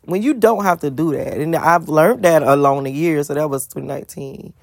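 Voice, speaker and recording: A casual vlogger with kids in school tells a hard stretch of their life in a loose, blunt way. The speech is profane and emphatic, leaning on repeated phrases to drive points home. The sound is dry and close, with a mid-range pitch. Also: normal speed, few pauses, no echo. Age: adult with school-age kids. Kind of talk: casual storytelling monologue.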